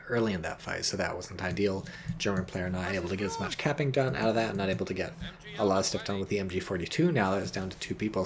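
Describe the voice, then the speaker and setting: Low-voiced man casting a war game. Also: heavy background noise. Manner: chatty, joking, off-hand swearing. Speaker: game commentator. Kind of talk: casual play-by-play commentary. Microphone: desk microphone. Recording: voice over loud game battle audio.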